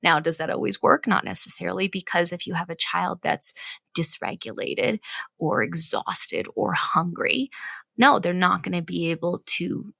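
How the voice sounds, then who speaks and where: A woman's voice: on the low side, expressive, moderate pace, creaky, pushed and bright, no echo. A woman in her thirties, a podcast co-host and mother, explaining parenting ideas in an earnest, conversational way and often checking in with "right?". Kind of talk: casual parenting chat.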